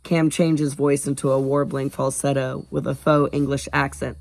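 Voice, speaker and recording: A man narrating a novel, mid-pitched and even, in a dry close-mic sound with no room around him. Steady audiobook storytelling. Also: normal speed, creaky, few pauses, no echo. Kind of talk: scripted narration.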